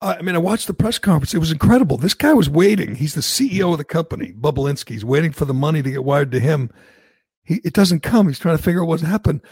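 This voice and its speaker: A man's voice: on the high side, lively intonation, fast, darkish tone, husky, no echo. A man hosting a podcast, animatedly giving his opinions as he recaps a debate. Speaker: podcast host. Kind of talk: casual political chat.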